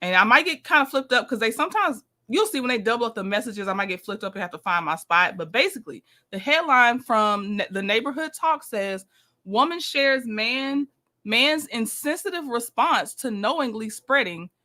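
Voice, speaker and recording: Woman, livestream host, bright and forceful voice, chatty and direct with her chat. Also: fairly high pitch, expressive, moderate pace. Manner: chatty, talks to viewers, reads texts aloud. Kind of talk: casual live commentary.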